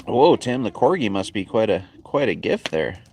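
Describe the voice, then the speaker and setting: A man's voice: lowish voice, very animated, moderate pace, creaky, a little mellow, a little hiss or hum. A man hosting a casual livestream chat outdoors by a backyard bonfire, talking in an easygoing, rambling way and chuckling often. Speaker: livestream host. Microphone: phone.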